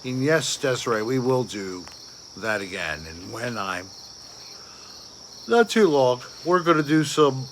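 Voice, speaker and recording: A man's voice: fairly low pitch, noisy background. A man hosting a casual late-night livestream, rambling and answering viewer comments aloud. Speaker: livestream host reading viewer chat.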